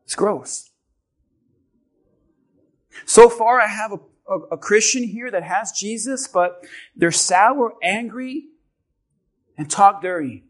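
A man preaching a sermon to his church with an object lesson, animated and swinging from quiet asides to shouting. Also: high-pitched, takes it slowly, pauses often. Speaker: pastor.

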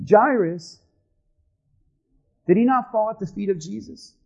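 A man pastor delivering a sermon, swinging between shouting and hushed tones. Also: sits high, a little slow, gravelly, lo-fi sound.

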